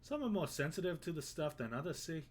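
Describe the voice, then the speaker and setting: A man's voice: a little high, very animated, fast talker, slight background noise. A man voicing a chatty bearded male sailor peddler in a video game, with an exaggerated put-on Irish accent and folksy rustic phrasing. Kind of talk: reading game dialogue aloud.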